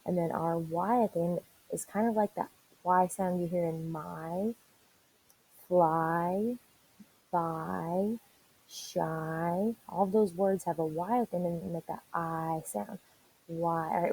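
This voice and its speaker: A woman teacher leading an online reading lesson for young children, spelling words out slowly and encouraging them. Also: lowish voice, fairly even intonation, dark tone, slightly rough, rough recording. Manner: encouraging, slow and deliberate spelling aloud.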